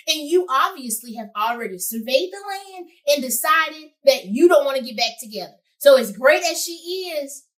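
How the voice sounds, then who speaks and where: A young woman hosting a show, giving casual advice to camera in a sassy, animated way and talking straight to her listeners. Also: high-pitched, recorded from a distance. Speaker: host.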